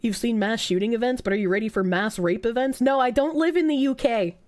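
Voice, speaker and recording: A woman's voice: on the high side, brisk, darkish tone. A woman streaming live, reacting in a sarcastic, incredulous and profane way with frequent laughs. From United States. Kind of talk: casual livestream reaction.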